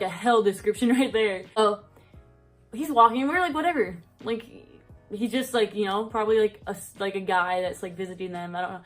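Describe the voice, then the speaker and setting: A young woman telling a story on her vlog in casual chat, rambling with lots of fillers and a bit out of breath. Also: medium pitch. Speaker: vlogger.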